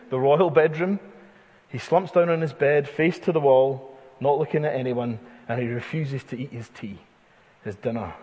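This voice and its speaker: A man's voice: fairly high pitch, a little mellow. A man in his thirties preaching an expository sermon, retelling the scripture in a vivid storyteller's way. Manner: vivid storytelling, dramatizing the text with asides. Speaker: pastor. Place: church hall. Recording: husky voice in a church hall with long reverb.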